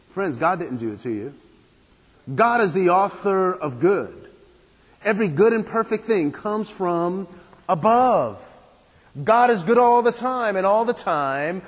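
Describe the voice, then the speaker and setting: A man preaching with a high voice, leaning on repeated phrases and rhetorical questions. His words ring out with a long reverb trailing behind them. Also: animated, measured pace. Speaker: pastor. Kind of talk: sermon.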